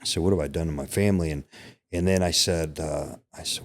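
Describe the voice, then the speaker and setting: Candid and emotional, a middle-aged podcast guest with a very deep, low voice shares a personal story in a casual interview. He speaks briskly in a steady tone, regularly tossing in "right?" and "you know" to make sure his listeners are keeping up.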